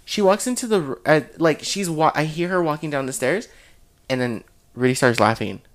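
A young man telling a story in casual chat with friends, animated and swearing, talking in fast bursts. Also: fairly high pitch.

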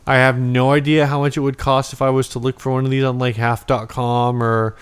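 A man's voice: mid-range voice, flat delivery, brisk, clean tone. A man co-hosting a casual podcast chat, rambling and hesitant, often breaking into laughter. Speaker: podcast co-host.

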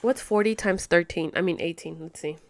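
A woman's voice: fairly low pitch, a little fast. A young woman telling a story in a casual home vlog, venting and swearing freely, full of "like" and "you know". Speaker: vlogger. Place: home bedroom.

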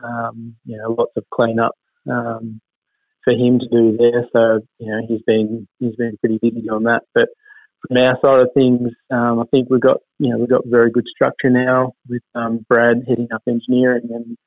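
A man's voice: medium pitch, little pitch movement, gravelly, no room sound. A man, a racing team manager giving hesitant, upbeat interview answers full of fillers. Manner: hesitant, many fillers and restarts; upbeat, measured. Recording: dry, phone-like line.

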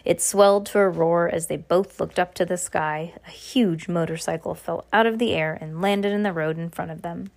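A woman reading a novel aloud in a steady manner, with occasional restarts. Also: lowish voice, normal speed, hardly any pauses. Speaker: reader.

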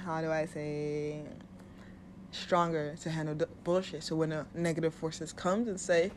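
A woman's voice: deep voice, fairly even intonation, normal speed, a little mellow, slight background noise. A woman giving casual spiritual self-help advice, blunt and profane, often laughing and acting out little voices. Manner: acts out quoted voices of body and soul.

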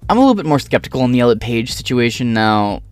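A man's voice: medium pitch, sing-song, fast talker, clear, resonant tone, no echo. A man from Canada, hosting a podcast and ranting bluntly with lots of swearing. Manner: profane, blunt, heated. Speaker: podcast host. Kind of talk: ranting commentary.

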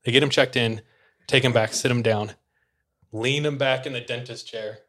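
A man casually telling a long, animated story, acting out the voices of the people in it and laughing along the way. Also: medium pitch, normal speed.

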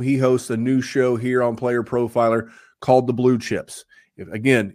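A man of average pitch hosts a podcast in a loose, upbeat way. He rambles a little, stacking shout-outs and plugs as he goes, in an easy, casual chat. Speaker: podcast host.

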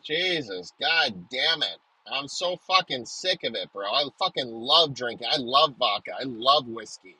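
Man in a sharp, profane comic rant. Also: medium pitch, lively intonation, unhurried, few pauses, slightly rough, dry recording, rough recording. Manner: aggressive, swears constantly, shouting insults. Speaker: comedian.

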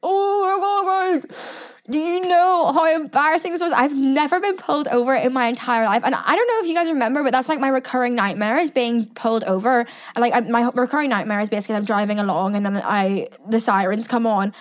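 A young British woman hosts a podcast, telling a story in a casual monologue full of chatty asides. She's animated and swears freely, her voice a little high, and she talks fast with few pauses.

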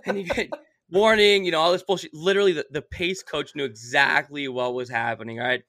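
A young man telling a profane, animated story in casual chat. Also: fairly high pitch, brisk, no room sound, studio quality.

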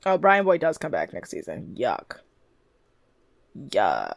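A woman's voice: low voice, big pitch swings, normal speed, creaky, no room sound. A woman co-hosting a casual podcast, chatty and swearing freely as she recaps a TV show. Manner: chatty, swears, laughs, acts out quotes. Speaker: podcast co-host.

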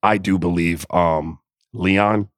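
Guy cohosting, real low voice, chill and slangy, dry mic. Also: steady tone, slow pace, no echo. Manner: laid-back, slangy. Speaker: podcast co-host. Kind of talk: casual chat.

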